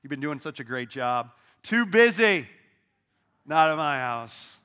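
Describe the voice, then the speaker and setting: A middle-aged male pastor preaches from the church stage, lively and conversational, getting the congregation to respond in call-and-response. The voice is bright and forceful, pitched high for a man, and flows smoothly at a measured pace.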